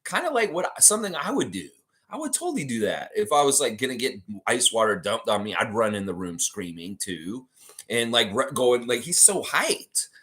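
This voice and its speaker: Excitable male livestream host, lively pitch, casual chatty fan commentary. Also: normal speed. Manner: animated, excitable, chatty, reads out viewer comments.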